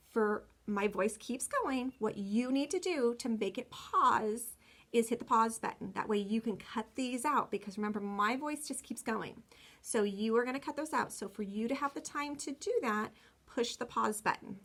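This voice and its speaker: A woman with a somewhat high voice teaching young children in a recorded lesson. She sounds out each word slowly and clearly and gives simple step-by-step directions. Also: a bit bright. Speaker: kindergarten teacher. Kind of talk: recorded remote phonics lesson.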